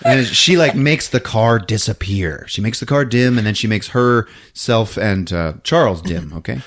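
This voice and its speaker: A man hosting a podcast, recapping a movie in a casual comedic way and acting out the characters in quick voices. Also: fairly low pitch. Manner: animated, acts out characters in quick funny voices, laughs often.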